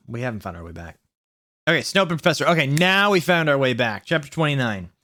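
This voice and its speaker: A man's voice: mid-range voice, a bit bright. A man reading fan fiction aloud in a mock-dramatic way, breaking off to mock the text and comment. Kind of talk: comedic dramatic reading with asides.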